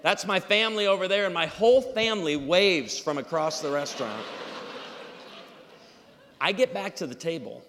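A man preaching a humorous sermon with stories, acting out dialogue in an animated way. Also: sits high, moderate pace, pauses often, slight background noise. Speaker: pastor. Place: church auditorium. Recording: live hall reverb.

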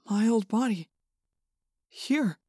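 A woman voicing a shy, unsure teenage boy who speaks softly and hesitantly in an audiobook. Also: on the high side, slow pace, no room sound, studio quality. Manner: soft, hesitant. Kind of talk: audiobook character voice.

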